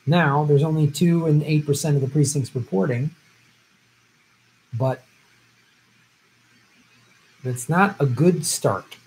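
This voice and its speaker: A man's voice: on the high side, takes it slowly, pauses often, a little mellow, rough recording. A man hosting a live stream, giving blunt, profane, opinionated commentary on election-night results.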